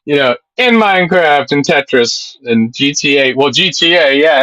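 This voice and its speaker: A man live-streams, chatting casually with viewers and reading their comments, rambling, getting excited, and swearing freely. His voice is a little high, at a moderate pace with hardly any pauses, in a dry, muffled recording.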